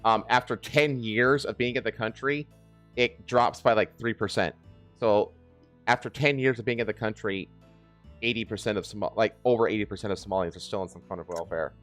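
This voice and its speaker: A man hosting a podcast, talking casually and haltingly with many fillers and restarts. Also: on the low side, steady tone, a bit bright, soft background music. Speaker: podcast host. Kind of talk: casual political chat.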